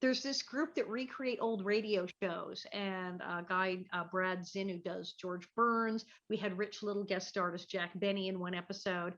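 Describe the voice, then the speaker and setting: A woman's voice: mid-range voice, fairly even intonation, moderate pace, hardly any pauses, a bit bright, highs cut off. A woman comedian in a casual chat from her living room, chatty and self-mocking, often restarting her sentences. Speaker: guest, actor and comedian.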